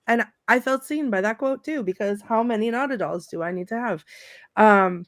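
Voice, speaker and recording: A woman's voice: a little high, normal speed, dry recording, clean studio sound. A middle-aged woman on a podcast panel, chatting casually, laughing often and reading favorite movie quotes aloud with relish.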